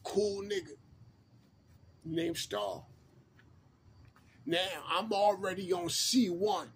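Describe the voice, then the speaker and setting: A man's voice: high-pitched, steady tone, slow, a little hiss or hum. A man, casually telling a prison story in laid-back street slang and repeating himself.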